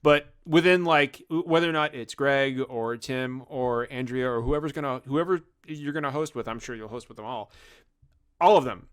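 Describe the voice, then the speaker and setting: A man's voice: medium pitch, moderate pace, fairly bright tone, clean tone. A man in a casual group chat, emphatic and self-deprecating as he gives advice. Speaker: panelist.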